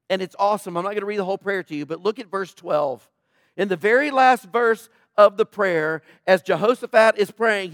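A man's voice: high voice, fairly bright tone, no room sound, clean studio sound. A man preaching a sermon as pastor, in a conversational way that keeps asking the congregation "right?", and raising his voice when he quotes a prayer. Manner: dramatic quoting of prayer in a raised voice.

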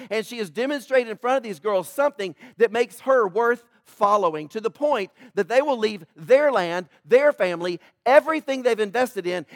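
A man preaching a sermon as pastor, emphatic and addressing the congregation directly, swinging between loud build-ups and hushed asides. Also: sits high, no room sound, studio quality. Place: church, in front of a congregation.

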